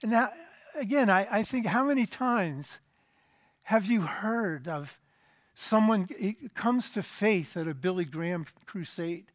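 A man delivers a sermon, explaining scripture with emphasis. His voice sits high for a man and often sinks low and soft at the end of a phrase. The recording is dry and close. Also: expressive, measured pace, no room sound. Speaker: preacher.

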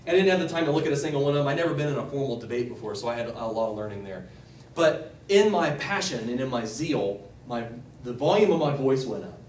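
A man leading a group Bible study, speaking loosely and conversationally, with a voice that rises as he gets excited. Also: medium pitch, fast talker, a little hiss or hum. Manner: enthusiastic, voice rises when excited; loose and conversational, with restarts and asides.

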